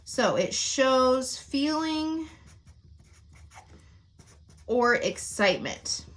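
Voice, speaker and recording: A woman's voice: sits high, sing-song, extremely slow, a bit bright. A woman teacher explaining sentence types in a recorded lesson, often checking in with "okay?" and "right?".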